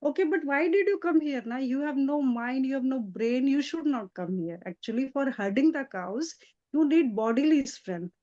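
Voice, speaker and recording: A woman's voice: high voice, expressive, moderate pace, few pauses, dull audio. A woman voicing a teasing, scolding young female attendant in a devotional story, in a mocking tone. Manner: mocking, chiding.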